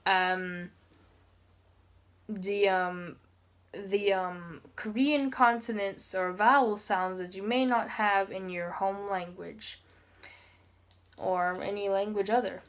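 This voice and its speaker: A woman giving a casual homemade language lesson, pausing often and slowly repeating sounds for practice. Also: mid-range voice. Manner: halting, many restarts and fillers. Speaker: language teacher.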